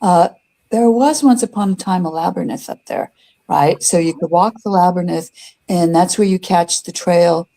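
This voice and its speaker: Older female guest, mellow voice, rambling storyteller with many fillers. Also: on the low side, moderate pace. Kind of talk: casual storytelling chat.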